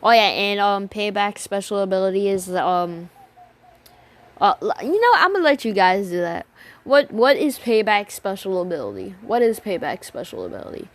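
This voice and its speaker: A woman's voice: mid-range voice, very animated, moderate pace. A woman improvising a fan story aloud, rambling and casual, with many restarts, name slip-ups and swearing.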